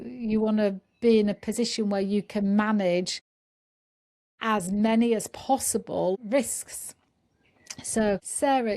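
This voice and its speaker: A woman interviewing a former trainee, asking measured, reflective questions. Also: medium pitch, darkish tone.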